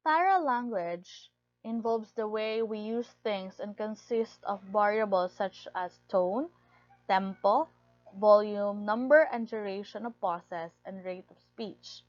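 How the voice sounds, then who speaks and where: A woman's voice: mid-range voice, takes it slowly, no room sound. A woman giving a recorded lecture, reading steadily from her notes and stressing key words. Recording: dull lo-fi recording, dry.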